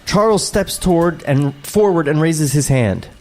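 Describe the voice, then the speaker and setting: A man's voice: on the high side, a little slow, faint music behind. Sarcastic man reading a script aloud. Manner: sarcastic, deadpan asides between reading stage directions. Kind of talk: comedic table read with commentary.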